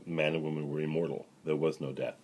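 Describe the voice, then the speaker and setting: A middle-aged male rabbi giving a relaxed spoken Bible lesson, with lots of fillers and "right?" asides to his listeners. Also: rumbling low, fast talker, a little hiss or hum. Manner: conversational, many fillers and "right?" asides, paraphrases dialogue. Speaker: rabbi teaching the weekly Torah portion.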